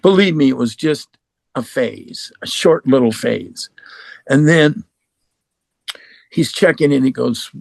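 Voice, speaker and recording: A man's voice: mid-range voice, unhurried, gravelly, no echo. A man from Oregon, a musician guest, telling a personal story in casual talk. He swears freely and acts out both voices in the conversations he recalls. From Oregon, United States.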